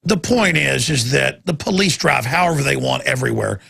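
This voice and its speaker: A man hosting a talk radio show, ranting intensely in a rambling monologue that climbs to loud, excited peaks. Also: medium pitch, normal speed, vocal fry, slightly rough.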